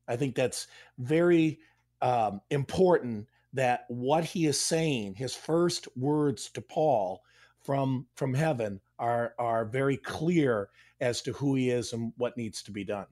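A man's voice: mid-range voice, slow, a little mellow. A middle-aged man, a pastor hosting a Bible study, explaining a passage in an emphatic, conversational way with frequent restarts.

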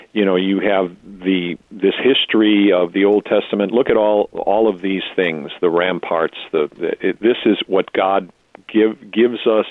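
Male pastor co-host, low voice, phone-like dry audio, earnest and measured with hesitations. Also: no room sound. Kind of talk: casual theological discussion. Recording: tinny phone-line audio.

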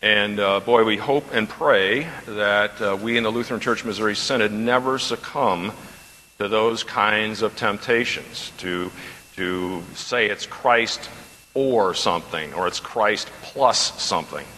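A man's voice: lowish voice, measured pace, pushed and bright, big-room sound, a little hiss or hum, rough recording. A man teaching a Bible class as a pastor, talking conversationally and repeating questions from the class.

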